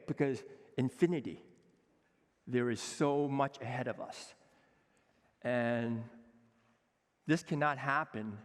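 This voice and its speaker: A man in his sixties, a chef giving an energetic, emphatic conference talk, acting out quoted dialogue. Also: mid-range voice. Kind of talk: conference speech. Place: conference hall with a seated audience. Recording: long hall reverb.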